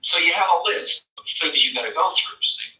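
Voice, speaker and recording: A man giving a spiritual talk at a workshop, telling his story in a lively way and acting out the voices in it. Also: a little high, normal speed, echoey room, recorded from a distance, rough recording. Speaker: spiritual teacher.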